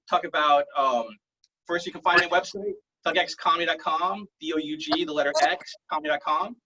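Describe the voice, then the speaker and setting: A man doing a stand-up set over a video call, rambling through self-deprecating jokes in a deadpan way. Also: a little high, noisy background. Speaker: stand-up comedian. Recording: muffled lo-fi online call audio.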